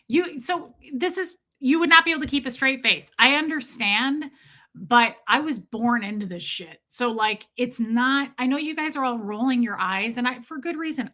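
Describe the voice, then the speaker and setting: A woman chats candidly to her livestream viewers, cursing freely and stopping to answer their comments. Her voice sits a little high and rings very bright. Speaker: livestream host. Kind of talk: casual storytelling livestream.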